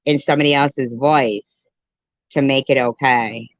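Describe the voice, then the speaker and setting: A woman's voice: a bass voice, steady tone, measured pace, no echo. A woman hosting a commentary channel, making mocking, scornful remarks as she reacts to a clip. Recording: dry, dull lo-fi sound.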